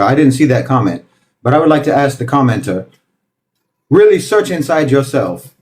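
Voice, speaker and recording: A man's voice: medium pitch, darkish tone. A man giving an impassioned political talk, emphatic and lecturing, piling up repeated phrases. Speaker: political commentator.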